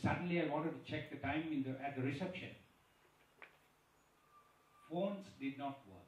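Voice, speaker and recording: A man's voice: fairly high pitch, normal speed, slight background noise. Man rousing a crowd in an echoey hall. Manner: rousing, builds to a climax. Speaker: conference speaker. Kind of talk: closing remarks of a speech. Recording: echoey hall from a distant mic.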